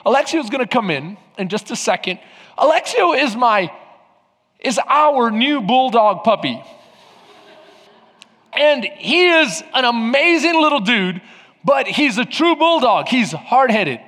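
A man's voice: very high voice, very animated, unhurried, fairly bright tone, big-room sound. A male pastor preaching a sermon to his congregation, asking them rhetorical questions. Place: church sanctuary.

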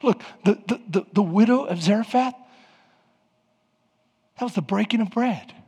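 A high-voiced man preaching in a husky tone, chatty one moment and rising to loud fervor the next. His sermon rings through a church sanctuary with a long reverb trailing each phrase. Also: normal speed. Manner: animated, conversational preaching that builds to loud passages. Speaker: pastor. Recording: long reverb in a large hall.

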